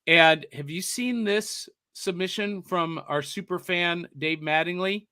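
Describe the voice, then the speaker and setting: A man's voice: high-pitched, measured pace, sharp tone, clear, resonant tone. A man hosting a podcast, chatting casually and reading out viewer comments in a playful way. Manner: playful, breaks into a mock newsreel announcer voice. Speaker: podcast host.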